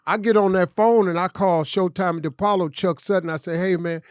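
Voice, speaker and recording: A man's voice: high voice, fairly even intonation, fairly quick, clear, resonant tone, no room sound, studio quality. A man telling a personal story on a podcast, emphatic and conversational, often saying "man". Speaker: podcast guest, comedian. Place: studio.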